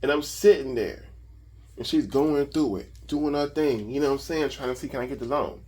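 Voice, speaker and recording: A man casually telling a story about his own life, animated and full of profanity. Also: mid-range voice, normal speed, breathy edge. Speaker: vlogger.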